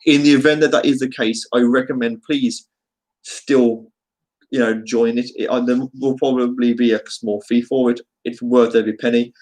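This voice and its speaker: A man's voice: medium pitch, fairly even intonation, moderate pace, darkish tone, poor audio. A man with a Birmingham accent chatting casually to his live-stream viewers, rambling and joking with many fillers. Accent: Birmingham English. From England.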